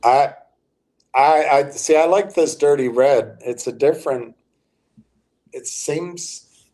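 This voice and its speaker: An older man hosting a livestream, rambling through stock-market commentary with halting restarts while he talks to his chat viewers. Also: fairly high pitch, warm tone.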